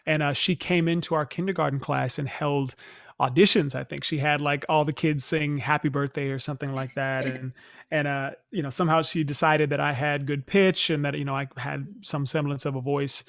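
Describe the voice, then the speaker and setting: A young man from Northern California, a stage actor as interview guest, telling stories in a reflective, soft-spoken way with many fillers and restarts. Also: on the high side, steady tone, a little fast, creaky, no room sound, studio quality. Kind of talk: casual interview storytelling.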